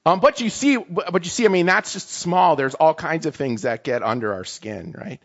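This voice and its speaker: A man preaching a sermon in a lively, confessional way, often checking in with "right?". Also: fairly high pitch, normal speed, muffled recording. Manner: animated, confessional, many "right?" tags.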